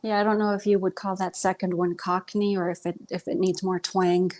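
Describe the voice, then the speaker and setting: A young woman from Texas with a Southern accent hosts a livestream, chatting casually and self-consciously with lots of ums. Her voice is on the low side, level, brisk, and darkish.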